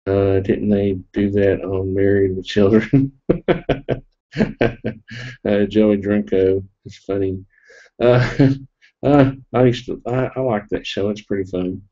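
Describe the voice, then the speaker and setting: A man's voice: lowish voice, takes it slowly, pauses often, mellow. A middle-aged man, sniffling as he tells a rambling, jokey story to a live stream audience. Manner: rambling and jokey, with fillers and laughs. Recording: dull lo-fi webcam audio.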